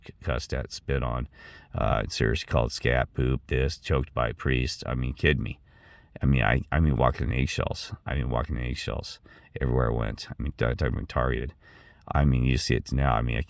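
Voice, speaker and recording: A man's voice: extremely low pitch, vocal fry, darkish tone, no room sound, studio quality. A middle-aged man talking in a rambling personal monologue, repeating himself and restarting often. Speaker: channel host.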